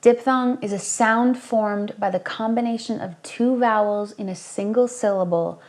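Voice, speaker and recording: A young woman coaching singers through a worship song, explaining technique calmly and demonstrating with bright sung examples. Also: mid-range voice, normal speed. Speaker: vocal coach. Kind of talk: singing lesson with sung demonstrations.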